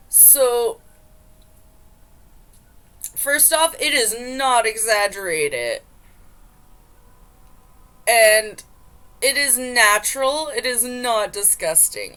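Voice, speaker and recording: A woman vlogger with a mid-range, fairly bright voice reads online posts aloud. Her casual reaction commentary is full of incredulous, exasperated disbelief.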